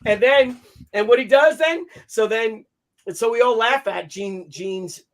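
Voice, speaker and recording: High-voiced man telling a wild story. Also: a little slow. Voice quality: animated, acts out quotes in other voices. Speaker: podcast guest telling an anecdote. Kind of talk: casual storytelling, profane. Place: hotel stories; recorded on a video call show.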